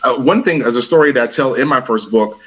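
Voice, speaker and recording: Animated male storyteller guest. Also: medium pitch, fast talker, rough recording. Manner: animated storyteller who acts out quoted dialogue, laughs often. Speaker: guest, author and speaker. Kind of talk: conversational storytelling interview.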